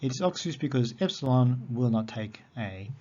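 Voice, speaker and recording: A man teaching a recorded lesson on Greek accents, methodical and repeating key terms slowly. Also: mid-range voice, expressive, mellow, lo-fi sound.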